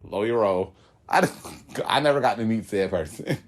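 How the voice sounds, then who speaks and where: A young man from Florida telling a long story in casual chat, animated, laughing often, with sudden high-pitched outbursts and slang-heavy speech. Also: normal speed. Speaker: podcast guest telling a story.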